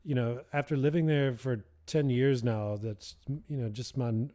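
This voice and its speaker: Man, american accent with south african blend, relaxed, laughs easily, mellow voice. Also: medium pitch, moderate pace. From United States. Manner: easygoing, laughs often, many fillers. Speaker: guest, motorcycle tour operator. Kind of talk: casual interview chat.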